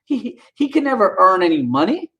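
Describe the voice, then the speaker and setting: A man's voice: high voice, fairly quick, poor audio. A man vlogging, ranting indignantly and talking straight to his viewers in a casual way. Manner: indignant, animated, talks to viewers directly.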